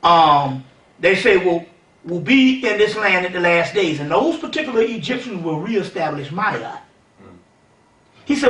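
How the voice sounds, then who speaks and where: A man giving a seminar-style lecture, animated and conversational, often checking that the audience follows. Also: high-pitched, normal speed. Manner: animated, keeps asking "you see what I'm saying". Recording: roomy sound from a distant mic.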